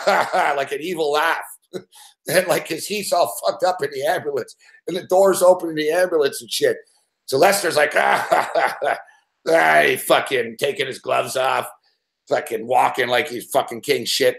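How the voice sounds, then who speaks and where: A man telling a rambling story in casual chat, swearing constantly and acting out growls and laughs. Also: fairly high pitch. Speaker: show regular telling a story.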